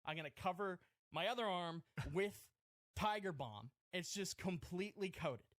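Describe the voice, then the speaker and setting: High-voiced man telling a rambling story. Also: animated, moderate pace, a bit bright, no room sound. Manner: rambling, self-mocking, frequent laughing asides. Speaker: podcast host telling a story. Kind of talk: casual comedic storytelling.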